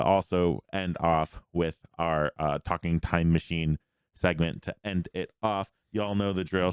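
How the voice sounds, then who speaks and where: A man hosting a casual sports podcast, quickly rattling off game scores in a rambling way. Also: low voice, clean tone, dry recording, clean studio sound. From Pennsylvania. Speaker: host.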